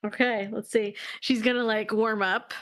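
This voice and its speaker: A woman's voice: a little high, fairly even intonation, moderate pace, a bit bright. A woman playing a tabletop game, asking questions hesitantly and giggling. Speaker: player.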